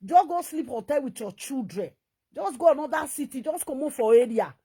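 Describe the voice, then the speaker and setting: A woman with a Nigerian Pidgin accent, talking in an animated, laughing vlog commentary. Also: high-pitched, a little fast. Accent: Nigerian Pidgin English. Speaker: vlogger.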